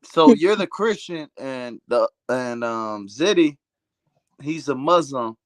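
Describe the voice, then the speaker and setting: A man's voice: mid-range voice, animated, slow, no room sound. A man on a live stream chatting in an easygoing, hesitant, slangy way. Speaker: stream guest. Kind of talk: casual live-stream chat.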